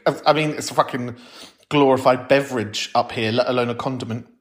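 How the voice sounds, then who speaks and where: A man's voice: medium pitch, fairly bright tone. A camp man hosts a podcast in a sardonic, mocking tone. He breaks into theatrical outbursts and bits of mock outrage. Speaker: podcast host. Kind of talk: comedic solo podcast with listener calls.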